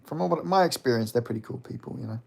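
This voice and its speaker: Young aussie dude rambling on stream, lots of likes and swearing, average pitch. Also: male voice, animated, very fast, creaky, a little mellow, slightly rough. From Australia. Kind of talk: casual livestream chat reading comments.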